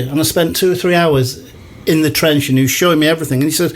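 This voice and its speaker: A man's voice: on the high side, steady tone, fast talker, hardly any pauses. A man in his sixties from the Greater Manchester area, a guest historian telling long, enthusiastic stories in a casual radio interview. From Greater Manchester, England. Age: 60s. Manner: enthusiastic storyteller, long flowing answers.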